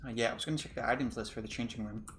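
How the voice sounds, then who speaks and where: A man's voice: mid-range voice, fairly even intonation, racing, a bit bright, slight background noise, natural voice. A man reading a timid, careful young man. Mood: earnest. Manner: hesitant, stammering. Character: diligent, timid young man who checks every list. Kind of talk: reading game dialogue aloud.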